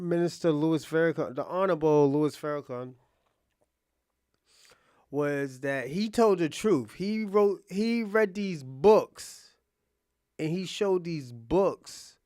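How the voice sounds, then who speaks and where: Rambling man thinking out loud. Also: on the high side, dry recording, studio quality. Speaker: reaction streamer. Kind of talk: casual commentary.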